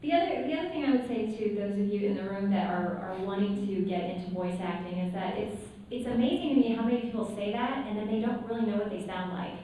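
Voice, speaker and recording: A woman voice actor on a convention panel, talking in a playful, energetic way and coaxing the audience. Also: medium pitch, quick pace, hardly any pauses. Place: large convention hall. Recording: distant, echoey convention hall with noise.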